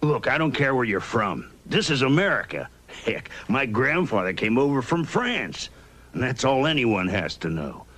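An actor playing a friendly, chatty TV repair shop owner in a cartoon clip. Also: male voice, mid-range voice, very animated, moderate pace, a bit bright. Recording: cartoon clip played back.

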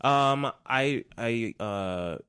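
A man in casual chat, speaking haltingly with frequent ums and restarts. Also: mid-range voice, fairly bright tone, clear, resonant tone.

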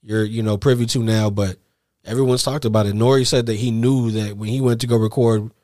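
A man's voice: fairly low pitch, steady tone, brisk, a little mellow, dry recording, studio quality. A man co-hosting a podcast in casual, slang-filled, profane banter. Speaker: podcast co-host. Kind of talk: casual chat.

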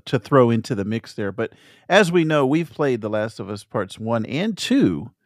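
A man's voice: medium pitch, dry recording, studio quality. A man co-hosting a casual gaming podcast, reading news aloud in a playful, teasing way and laughing often. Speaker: podcast co-host.

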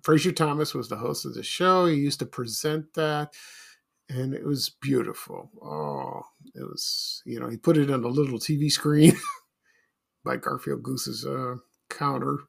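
A man's voice: medium pitch, a little slow, creaky. A middle-aged man from Chicago hosting a casual solo podcast, rambling and nostalgic with many fillers and restarts. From Chicago, USA. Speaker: podcast host.

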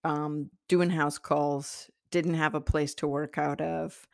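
A woman's voice: low-pitched, little pitch movement, slow, creaky, a little mellow, no echo, studio quality. A middle-aged woman talking in a chatty teaching style, laughing often and restarting her sentences. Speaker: spiritual teacher. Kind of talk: casual teaching talk.

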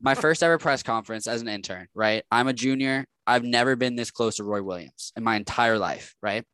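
A man's voice: medium pitch, fairly quick, clean tone, no echo. A man co-hosting a sports podcast, telling stories with energy and laughing often. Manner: animated storyteller, laughs often. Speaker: sports reporter co-host. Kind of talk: casual sports chat.

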